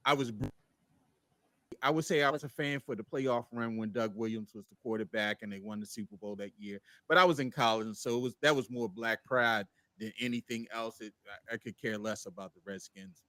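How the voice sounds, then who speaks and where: A man's voice: fairly low pitch, normal speed, dry recording. A man, hosting a casual sports podcast and trading teasing banter. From Baltimore. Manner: animated, laughing, teasing banter.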